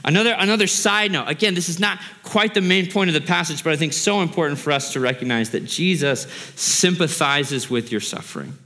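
A man's voice: fairly high pitch, fairly quick, few pauses, sharp tone, big-room sound. A man preaching a sermon as a pastor, earnest and growing impassioned, asking the congregation rhetorical questions.

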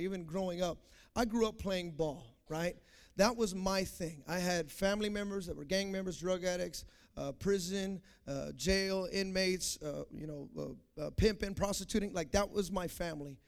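A young man preaching a sermon to a congregation, repeating key phrases, calling for responses and swinging from quiet talk to shouts. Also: sits high. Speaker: pastor.

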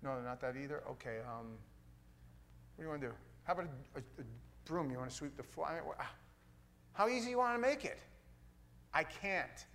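A middle-aged man, a pastor, preaching a sermon in a folksy, playful way that swings from loud to hushed. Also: mid-range voice, fairly even intonation, a little fast, creaky.

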